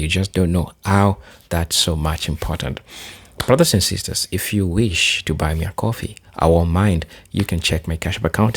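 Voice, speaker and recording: A man from Kenya with a Kenyan accent, earnestly introducing a reaction video and appealing to viewers. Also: low-pitched. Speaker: YouTube channel host.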